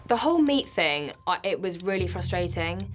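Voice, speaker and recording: A woman's voice: on the low side, big pitch swings, moderate pace, a little hiss or hum. Frank, emphatic woman in a confessional interview. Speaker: contestant.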